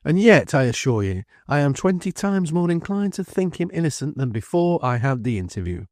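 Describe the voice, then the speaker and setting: A man voicing a brisk, decisive middle-aged defence lawyer who speaks quickly and with emphasis. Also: a little high, big pitch swings, a little mellow, dry recording, studio quality, voice pushed up.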